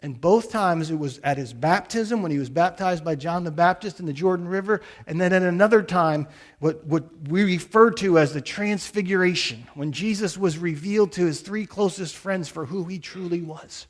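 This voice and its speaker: Earnest high-voiced man preaching. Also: normal speed. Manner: earnest storytelling with quoted blessings. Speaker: pastor. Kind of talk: sermon.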